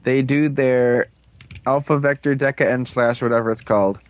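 A man casually recapping a TV episode, rambling and joking with quick asides. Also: mid-range voice, steady tone, no room sound. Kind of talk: casual chat.

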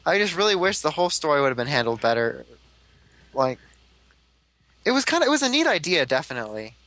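A man's voice: a little high, big pitch swings, fast talker, pushed and bright, no room sound, rough recording. A young man chatting casually about a TV show, rambling with lots of fillers. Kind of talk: casual fan chat.

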